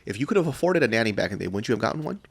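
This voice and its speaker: Animated, laughing man telling a story. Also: on the low side, very fast, creaky, a little hiss or hum. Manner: animated storytelling, swears a lot, laughs often. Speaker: podcast host. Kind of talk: casual chat.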